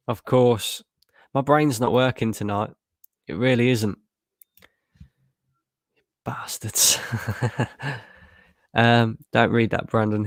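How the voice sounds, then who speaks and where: This young male football watchalong streamer from Lincolnshire, England, has a gravelly, lowish voice recorded dry on a close mic. Casual and sweary, he reacts live, reads chat aloud and laughs a lot.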